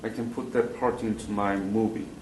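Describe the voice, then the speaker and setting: A man's voice: fairly low pitch, fairly even intonation, normal speed, a little mellow. A man interviewing a veteran, putting short prompting questions to him. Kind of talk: oral history interview. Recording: roomy, distant mic, faint noise.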